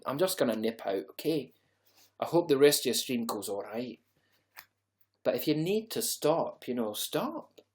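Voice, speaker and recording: A man's voice: medium pitch, a little mellow. A young man hosting a casual livestream, rambling and joking as he reads out viewers' comments, with plenty of swearing. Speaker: livestream host.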